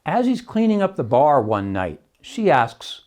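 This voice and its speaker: A man who teaches economics talks through his prepared commentary with a lively, swooping pitch. He is emphatic, often opens a point with "see," and drops in wry asides along the way. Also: a little slow. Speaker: economics professor hosting a Christian podcast.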